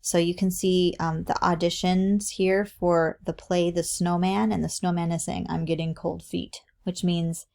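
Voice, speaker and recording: Middle-aged female teacher, slightly low voice, explanatory lesson delivery with frequent "right?". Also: flat delivery, unhurried, vocal fry, hardly any pauses, a little mellow. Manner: explanatory, repeatedly checks in with "right?".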